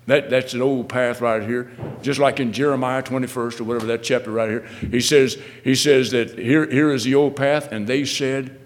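A male minister preaching a sermon, swinging from loud, pressing questions to quiet asides and often repeating his words. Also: medium pitch, steady tone, moderate pace, long reverb tail.

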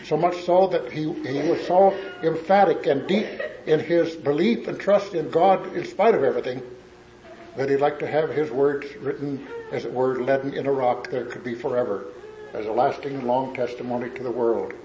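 A man preaching a sermon and reading scripture aloud, earnest and halting, often repeating and correcting himself. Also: mid-range voice, echoey room, lo-fi sound, crowd noise.

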